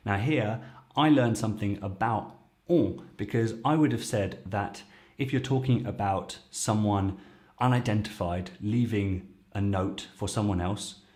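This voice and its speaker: Faint music plays behind this French teacher and show host, a native English speaker who talks to camera about language clips. Speaking a little slowly in a lowish, slightly mellow voice, he patiently breaks phrases down step by step.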